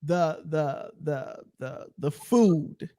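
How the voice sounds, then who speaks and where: Guy cohosting a faith talk, folksy and chuckly, high-ish voice, dry close sound. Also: very slow, mellow, no echo. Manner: folksy, chuckling, addresses listeners directly.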